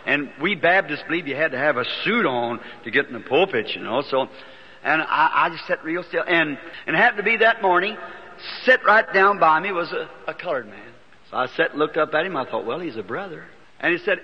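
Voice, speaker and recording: A man's voice: on the high side, animated, moderate pace, husky. A man, preaching a sermon and telling his life story in a folksy way, taking on the voices of the people in it, recorded before a congregation in a large hall. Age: 50s. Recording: dull lo-fi archival sermon recording with long hall reverb.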